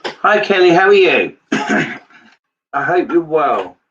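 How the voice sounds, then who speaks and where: A man's voice: fairly high pitch, very animated, slow pace, fairly bright tone, recorded from a distance, muffled recording. A man giving a live psychic reading, earnest and repetitive in his phrasing. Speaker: medium.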